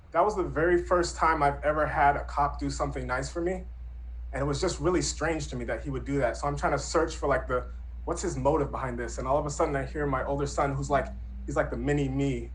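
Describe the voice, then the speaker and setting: A man's voice: medium pitch, a little fast, low-quality recording. A man in his thirties telling a true personal story in an earnest, reflective, conversational way. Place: Brooklyn.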